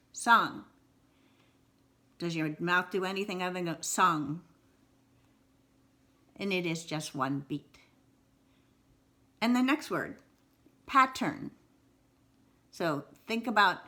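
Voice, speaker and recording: A woman teaching a video lesson on syllables, repeating words slowly and exaggerating them, with encouraging asides. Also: fairly low pitch, bright, forceful tone. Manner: slow, exaggerated word repetition, encouraging. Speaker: writing teacher.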